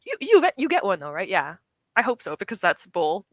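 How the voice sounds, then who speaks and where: A woman's voice: mid-range voice, big pitch swings, moderate pace, a bit bright, dry recording. A young woman from the UK chatting casually with her stream chat, rambling, laughing often and correcting herself. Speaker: streamer reading chat comments.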